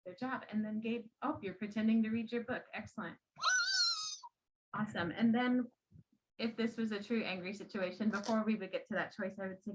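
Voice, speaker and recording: A woman of ordinary pitch leads a classroom demonstration for other teachers. She talks patiently and gently, steadying a child beside her as she explains. The sound is a little muffled and lo-fi. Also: steady tone, a little fast, slight background noise. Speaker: teacher trainer.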